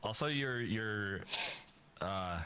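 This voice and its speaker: A man's voice: on the low side, lively intonation, slow, background noise. A man co-hosting a podcast in casual chat, teasing the others. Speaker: podcast co-host.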